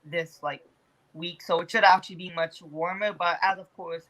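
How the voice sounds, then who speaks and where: A man's voice: high-pitched, fairly even intonation, moderate pace, bright, forceful tone, rough recording. A young man from Toronto talking casually as a weather guest on a podcast, rambling with lots of fillers and laughing easily.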